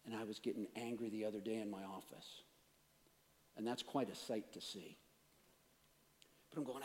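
A man preaching a sermon as pastor, swinging between hushed, intense asides and raised, emphatic points, and bantering playfully with volunteers. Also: lowish voice, moderate pace, pauses often. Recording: long reverb of a large hall.

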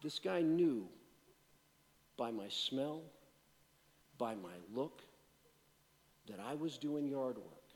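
A pastor giving a sermon, moving between loud, emphatic preaching and quiet, self-deprecating storytelling. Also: male voice, mid-range voice, animated, slow, pauses often, long reverb tail.

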